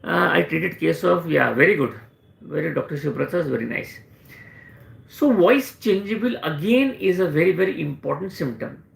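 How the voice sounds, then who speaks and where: A man's voice: fairly high pitch, expressive, normal speed, creaky, a bit bright, echoey room. A man with an Indian English accent, a homeopathic doctor answering questions and teaching in a live session, explaining with repeated emphasis.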